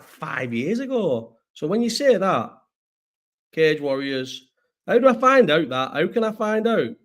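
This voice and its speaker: A young man chatting casually on a livestream, rambling, swearing and answering viewers. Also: on the high side. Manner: rambling, slangy, swears freely, answers chat. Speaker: streamer reacting to chat.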